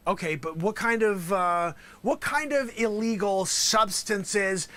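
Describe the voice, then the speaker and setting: A man's voice: high voice, slow pace, pushed and bright. A male host acting out an improvised courtroom sketch as a lawyer, talking theatrically and dropping into whispers for emphasis.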